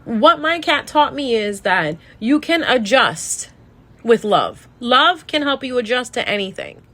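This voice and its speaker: A woman with a slightly high voice tells a personal story in a casual monologue. She sounds sad and close to tears, and often stops and restarts her sentences. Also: big pitch swings, unhurried, bright, forceful tone. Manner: emotional, rambling with restarts. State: sad, tearful. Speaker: tarot reader.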